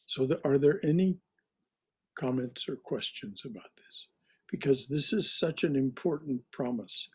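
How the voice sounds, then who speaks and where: A man teaching a religious class, reading stories aloud slowly and deliberately and stopping to comment on them. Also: mid-range voice, husky. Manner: slow, deliberate reading with repetitions and restarts. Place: online class.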